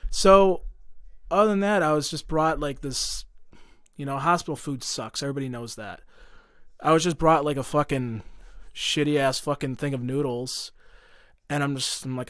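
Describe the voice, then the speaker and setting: A young man recounts a personal ordeal on a podcast, swearing freely and circling back through fillers and restarts as he gets worked up. His voice sits a little high, and the sound is dry and close, with no room in it. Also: moderate pace, pauses often, a bit bright, dry recording. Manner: profane, heated, full of fillers. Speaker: podcast guest. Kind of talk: casual storytelling.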